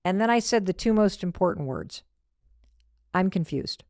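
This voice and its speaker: A middle-aged woman giving a motivational talk, telling her story with a lively, swooping voice. She acts out the people she quotes. The sound is close and dry. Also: medium pitch, fairly quick, no echo. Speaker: motivational speaker.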